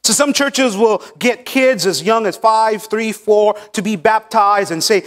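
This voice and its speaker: Pastor, male, higher voice, emphatic teaching sermon in a church sanctuary. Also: a bit bright. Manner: emphatic teaching preacher, pausing on key words. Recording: long church hall reverb.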